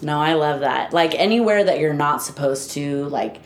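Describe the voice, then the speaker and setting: A woman's voice: low voice, normal speed. A woman co-hosting a podcast in a casual chat. She speaks candidly and laughs often. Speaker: podcast co-host. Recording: roomy echo, faint background noise.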